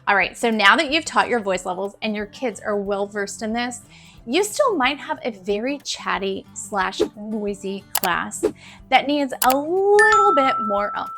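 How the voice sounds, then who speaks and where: A young woman teacher talks straight to the camera in a chatty, encouraging way, repeating her points for emphasis. Her voice sits a little on the high side. Soft music plays faintly behind her. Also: lively intonation, unhurried. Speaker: teacher giving classroom tips. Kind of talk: casual advice to camera.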